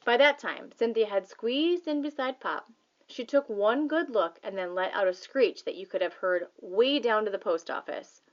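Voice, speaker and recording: A woman narrating a children's novel as an audiobook reader, in a plain, steady manner. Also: medium pitch, normal speed. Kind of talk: scripted narration. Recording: slightly dull audio.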